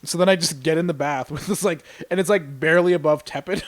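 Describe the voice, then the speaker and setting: A man's voice: on the high side, quick pace, no room sound. A man from Canada, co-hosting a stream, telling a story in casual chat, swearing often and laughing as he goes. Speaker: stream co-host.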